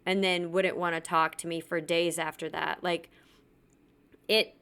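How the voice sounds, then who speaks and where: A woman's voice: lowish voice, level tone, a little slow, a bit bright, clear, resonant tone. A woman hosting a podcast, telling a personal story candidly and bluntly, swearing freely and acting out what others said. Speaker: podcast host.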